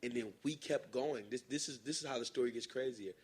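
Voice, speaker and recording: A young adult man, a guest rapper, telling stories in a relaxed, casual way, full of "like" and fillers. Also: medium pitch, a little fast, slightly rough. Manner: relaxed, filler-heavy, says "like" a lot. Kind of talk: casual storytelling. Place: live podcast stage.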